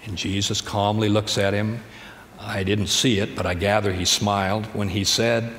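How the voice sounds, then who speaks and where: Storytelling pastor in a reverberant church. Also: male voice, lowish voice, level tone, moderate pace, fairly bright tone, a little hiss or hum. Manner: conversational storytelling. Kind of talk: sermon. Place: church sanctuary. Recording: church hall reverb, faint ambience.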